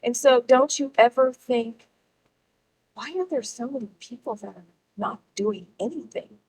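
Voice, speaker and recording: A middle-aged woman addresses a gathered audience in a rallying public speech. Her voice sits a little high, and she leans hard on key words with dramatic pauses between them. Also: a little mellow, husky, poor audio. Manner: emphatic, rallying, with pauses for effect. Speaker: speaker at a political gathering.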